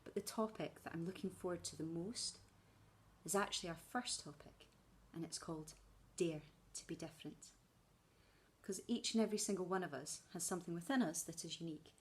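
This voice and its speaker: A Scottish woman teacher talks to her new class in a chatty, playful way and loves slipping in puns. Her voice sits a little low. She is outdoors on a walk as she talks. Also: brisk, slight background noise. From Scotland. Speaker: primary school teacher. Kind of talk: welcome video to pupils.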